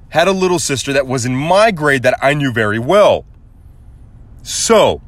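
A young man from Arizona telling a casual story on his podcast, swearing freely and acting out the people in it. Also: mid-range voice. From Arizona, USA. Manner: animated, acts out quoted voices, swears casually. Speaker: podcast host.

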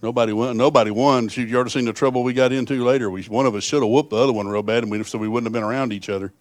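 A man's voice: medium pitch, fairly even intonation, rapid-fire, darkish tone, no room sound. A middle-aged man preaching a sermon, telling folksy stories that swell into fervent appeals.

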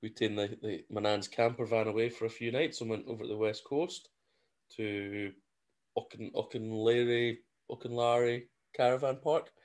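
A man's voice: fairly low pitch, fairly even intonation, moderate pace, a little mellow. A man co-hosting a podcast in casual chat, bantering and laughing easily. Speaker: podcast co-host.

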